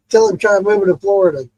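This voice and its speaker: A man's voice: high-pitched, normal speed, a little mellow, dry recording, rough recording. A man from Missouri chatting casually and laughing easily on a podcast. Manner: laughing, easygoing. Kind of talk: casual chat.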